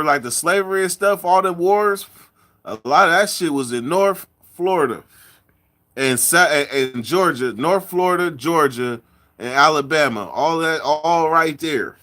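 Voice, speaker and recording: A man from California in a casual chat, telling rambling stories with drawn-out words and lots of repeats. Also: fairly high pitch, bright, forceful tone. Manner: loose storytelling, drawn-out words, repeats himself. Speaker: podcast host.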